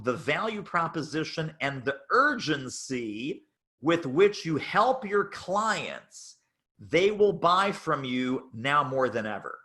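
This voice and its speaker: A man's voice: on the high side, pushed and bright. A man giving a sales training talk at a chapter meeting, emphatic and fond of repeating phrases for effect.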